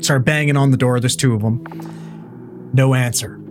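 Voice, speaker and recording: A man's voice: mid-range voice, moderate pace, music in the background. A man, a paramedic, telling a wild call story in casual chat, swearing freely and acting out what everyone said. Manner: profane, animated storyteller who acts out what people said.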